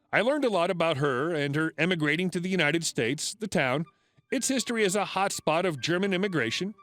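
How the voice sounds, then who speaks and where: A man narrating internet stories in a wry, expressive scripted read. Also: fairly high pitch. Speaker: story narrator. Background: faint music.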